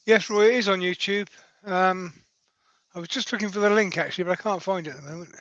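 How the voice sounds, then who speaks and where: A man chatting casually as a guest on a woodturning stream, pausing often with filler sounds. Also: high voice, fairly bright tone, no echo, highs cut off. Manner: hesitant, fills pauses with um. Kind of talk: casual chat.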